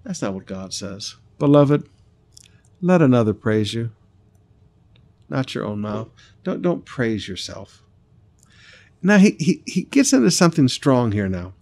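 A man preaching a sermon as a pastor, stressing and repeating lines, slowing down on scripture and telling stories in a conversational way. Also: mid-range voice, very animated, gravelly, darkish tone. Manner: conversational storytelling asides.

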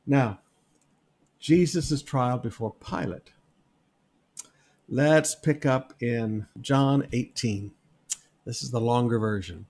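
A man preaching a sermon, reading scripture aloud and commenting on it in an animated, wry way. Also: mid-range voice, takes it slowly, long pauses. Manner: animated, wry, reads passages with emphatic quoted voices. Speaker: pastor.

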